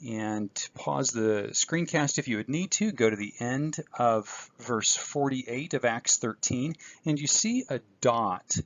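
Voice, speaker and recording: A man with a gravelly voice walks through a screencast lesson, methodical and patient, pausing with small fillers. The sound is dry and slightly dull, as if from a desktop mic. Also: medium pitch, fairly bright tone, no echo. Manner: methodical, explains step by step with fillers. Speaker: Greek instructor. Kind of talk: recorded lecture screencast.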